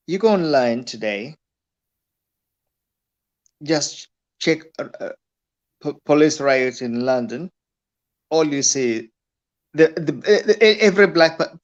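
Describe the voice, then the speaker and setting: Stammering man on a dull lo-fi line. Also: on the high side. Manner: insistent, stammering restarts. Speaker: guest. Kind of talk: casual live chat. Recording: dull lo-fi sound.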